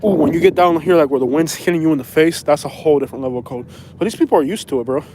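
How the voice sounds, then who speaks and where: Southern man on a phone vlog, rambling and repetitive, slightly higher voice, outdoors with faint traffic hum. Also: very fast. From Florida. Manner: rambling, repeats himself, slangy street talk. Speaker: vlogger. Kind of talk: casual walking vlog. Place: outdoors on a snowy windy street. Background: traffic and outdoor ambience.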